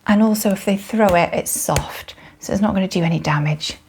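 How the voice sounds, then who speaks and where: Talking quickly in a mid-range, slightly mellow voice, a thirty-something British parenting vlogger chats to camera about toys. She's frank and full of ums and self-corrections, and there's a little hiss or hum on the recording.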